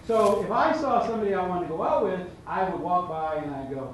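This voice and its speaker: A man's voice: sits high, brisk. A man giving a motivational seminar talk to a live audience, telling stories with humor and acting out the dialogue. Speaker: motivational speaker. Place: large event room. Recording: echoey hall from far off with faint noise.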